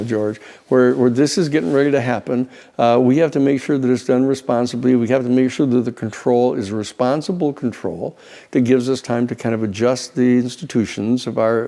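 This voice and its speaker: A man, a lawyer, telling stories in an animated, conversational way, often repeating words as he builds a point. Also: medium pitch, a little fast. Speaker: lawyer and institute president. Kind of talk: conversational storytelling.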